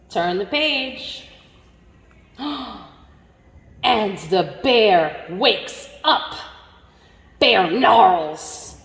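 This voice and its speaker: A woman teacher reading a picture book aloud, animated and full of wonder, gasping before each new page. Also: on the high side. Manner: slow, animated, gasping with wonder between pages. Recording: echoey room with long reverb.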